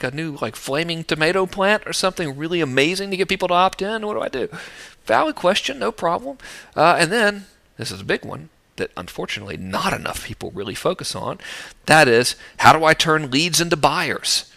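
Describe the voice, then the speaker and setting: A man's voice: fairly high pitch, animated, brisk, gravelly, bright, forceful tone. A middle-aged man teaching list building in a casual, jokey, self-mocking video talk.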